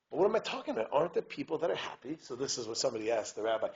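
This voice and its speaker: A man, a rabbi, giving a lively community talk. He digresses, keeps asking his listeners if they understand, and chants Hebrew verses. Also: mid-range voice, racing, gravelly, few pauses, dull audio.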